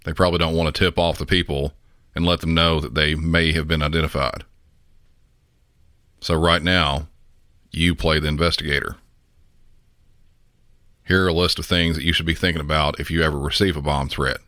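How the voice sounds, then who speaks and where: A man from the Southern United States hosting a podcast, talking in a measured, instructive way and putting questions to the listener. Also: extremely low pitch, flat delivery, pushed and bright, no echo, studio quality. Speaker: podcast host.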